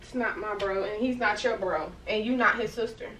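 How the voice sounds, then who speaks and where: A woman's voice: medium pitch, normal speed, far from the mic, a crowd in the background. A young woman in casual conversation that turns into an argument, blunt and confrontational, with lots of slang. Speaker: friend being pranked. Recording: echoey room, from off-mic, faint background noise.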